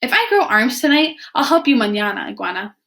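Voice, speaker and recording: A woman's voice: on the high side, very animated, fairly quick, creaky, a bit bright, exaggerated voice. A woman voicing a lazy rattlesnake in a picture book who keeps putting things off. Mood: breezy.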